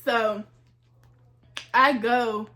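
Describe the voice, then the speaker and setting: Bright, high-voiced young woman telling a story. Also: drawn-out words. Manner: animated, acts out the voices of others; chatty, repeats phrases for emphasis. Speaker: vlogger, flight attendant. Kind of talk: casual storytelling.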